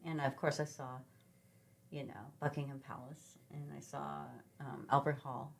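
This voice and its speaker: A woman from Sacramento, middle-aged, speaks in a low register. As a podcast guest she tells loose, animated anecdotes, with plenty of ums and restarts. The talk is relaxed and conversational. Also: normal speed, vocal fry. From Sacramento, California. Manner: rambling, animated travel anecdotes with many fillers. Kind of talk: casual conversational storytelling.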